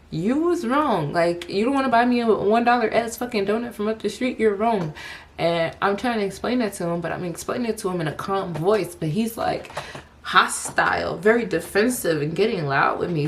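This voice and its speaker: A woman's voice: lowish voice, a little hiss or hum. A young woman telling a personal story to the camera, casual and profane, breaking into laughter often.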